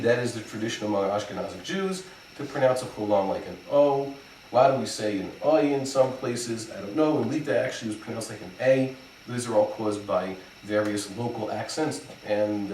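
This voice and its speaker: A man teaching as a rabbi, explaining step by step in a plain mid-pitched voice with the odd filler. He sounds set back from the microphone in a roomy, echoing space. A faint hum of background noise sits under him. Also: a little mellow, recorded from a distance. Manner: methodical, spells out examples with frequent fillers. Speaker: rabbi teaching Hebrew pronunciation. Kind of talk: explanatory lesson. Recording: echoey room, voice from off the mic, faint background noise.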